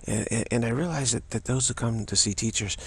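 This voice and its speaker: A man giving a reflective spiritual monologue as a teacher, speaking haltingly and often repeating words and restarting. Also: medium pitch, fairly bright tone, breathy edge.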